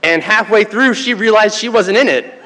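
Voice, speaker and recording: A man telling a true story live on stage, animated and laughing along with the audience. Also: high-pitched, moderate pace. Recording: long hall reverb with faint crowd ambience.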